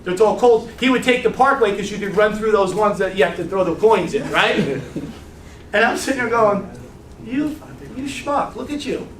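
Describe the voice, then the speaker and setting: A man giving a casual, animated business training talk to a group, blunt and swearing freely, often checking in with "right?". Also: high voice, normal speed, slight background noise. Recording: echoey room, mic far off.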